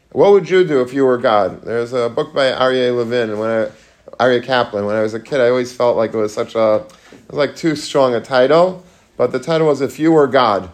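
A man giving an informal Torah lecture to students, chatty and full of questions to the room, mixing in Hebrew and Yiddish terms. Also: medium pitch. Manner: conversational, asks the audience questions, mixes Hebrew and Yiddish terms. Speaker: rabbi giving a talk to students. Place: room with a live audience.

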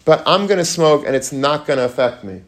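Man giving a lively storytelling sermon. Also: a little high, a little fast. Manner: animated, acts out quoted voices, Yiddish and Hebrew terms. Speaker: Torah lecturer.

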